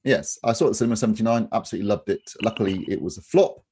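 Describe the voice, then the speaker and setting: A man with a husky voice, blunt and opinionated, chatting casually on a podcast and swearing freely. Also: fairly low pitch, very fast, a little mellow, slight background noise. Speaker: home cinema reviewer.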